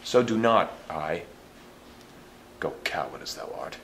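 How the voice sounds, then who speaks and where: A curt, sardonic killer-for-hire mocks his victim, voiced by a man reading solo. The voice is deep and clipped. The room rings with a wide church echo and faint background hum. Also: expressive, slow, a bit bright, exaggerated voice. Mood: mocking. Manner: curt, sardonic, mocking laughs. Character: blunt hired male assassin, cold and mocking.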